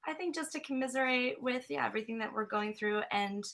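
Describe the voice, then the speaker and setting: Reader: woman, bright and higher-pitched, friendly, halting, video call. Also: vocal fry. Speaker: poetry reader. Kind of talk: casual chat before a reading. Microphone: computer mic on a video call.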